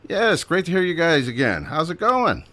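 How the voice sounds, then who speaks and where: A man's voice: on the high side, big pitch swings, normal speed, bright, forceful tone. A man hosting a radio show in a chatty, upbeat, rambling way, a little out of breath.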